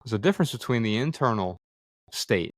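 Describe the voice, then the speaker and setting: Sharing a personal story on a podcast, this man in his forties sounds earnest and reflective, performing the dialogue he quotes and filling gaps with frequent fillers. He has a mid-range, expressive voice and talks fairly quickly. The sound is dry and clean, captured in a studio with others in the room.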